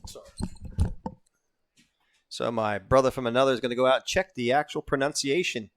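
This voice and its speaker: A man calling youth baseball play-by-play, joking between pitches and getting louder and higher on the action. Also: brisk. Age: older. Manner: jokey, rises in pitch and volume on plays. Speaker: play-by-play announcer.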